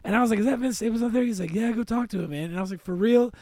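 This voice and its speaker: A man's voice: sits high, rapid-fire, darkish tone, no room sound. A man co-hosting a podcast, telling rambling anecdotes in casual, profanity-heavy chat. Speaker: podcast co-host.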